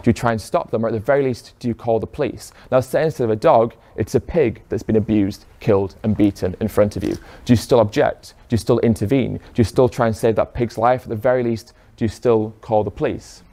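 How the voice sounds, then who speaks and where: In a fairly low, steady, dark-toned voice, a man speaks a little fast with hardly any pauses. He's giving a persuasive public talk, throwing rhetorical questions at the listeners in front of him.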